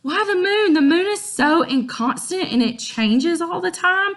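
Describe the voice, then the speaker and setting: A woman's voice: very high-pitched, animated, a little slow, a bit bright, pitched above the performer's own voice, full character voice. A woman voicing Juliet as an exasperated, slangy modern teenage girl, talking with sassy disbelief.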